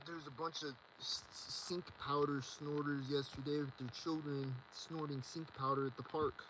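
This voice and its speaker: A man's voice: on the high side, flat delivery, normal speed, noisy background. A man rambling in a solo video monologue, agitated and repetitive as he rants. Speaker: vlogger.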